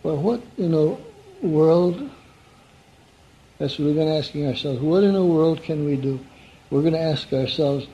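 Man preaching, folksy and chatty, fairly high voice, mellow tone, dull lo-fi recording. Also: unhurried, long pauses, a little hiss or hum. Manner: conversational, folksy, asks the audience questions. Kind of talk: evening sermon.

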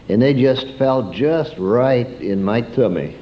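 A man's voice: medium pitch, animated, slow, hardly any pauses, dull audio. A man preaching a sermon through a homespun childhood story, turning to ask his listeners questions.

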